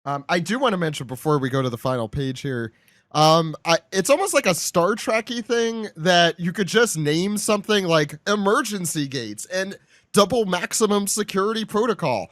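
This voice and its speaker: A man's voice: high-pitched, animated, normal speed, fairly bright tone, dry recording, studio quality. A man hosting a podcast, chatting casually with wry, joking asides. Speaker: podcast host.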